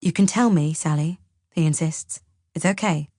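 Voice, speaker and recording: A woman voicing a gentle, apologetic husband. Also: deep voice, moderate pace, no room sound, clean studio sound. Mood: soothing.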